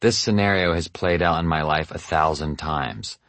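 Deep-voiced man narrating a memoir. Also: moderate pace, fairly bright tone, no room sound. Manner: earnest, self-deprecating storytelling.

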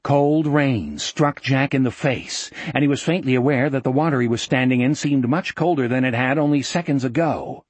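A man narrating an audiobook in a measured, vivid storytelling manner. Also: medium pitch, husky, no echo.

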